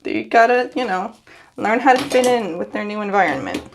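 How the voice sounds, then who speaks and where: A woman's voice: medium pitch, lively intonation, a little fast, gravelly, a little hiss or hum. A young woman hairstylist talking to her phone in her bathroom, nervous and giggly as she chats to herself. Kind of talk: casual vlog self-talk. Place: bathroom at home.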